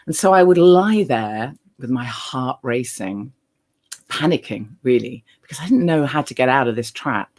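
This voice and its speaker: A woman's voice: very deep voice, lively intonation, normal speed, a little mellow. A middle-aged woman giving a candid motivational stage talk, earnest, with frequent ums. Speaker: speaker and holistic living author.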